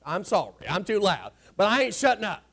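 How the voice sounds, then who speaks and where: Rousing high-voiced preacher. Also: male voice, sing-song, brisk, creaky. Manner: folksy, shouting and rousing the congregation. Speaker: pastor. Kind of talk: sermon. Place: church sanctuary.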